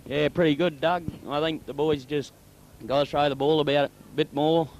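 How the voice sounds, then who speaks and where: A man's voice: a little high, fairly even intonation, normal speed, darkish tone, muffled recording, slight background noise. A man as co-commentator at a rugby league match, giving brief, agreeable remarks.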